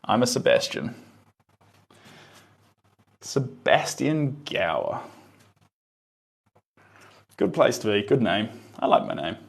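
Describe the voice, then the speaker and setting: A man's voice: medium pitch, very animated, slow, gravelly, pauses often, slightly rough. A man streaming himself painting live, murmuring his brush moves to himself and answering chat in an easygoing, musing way.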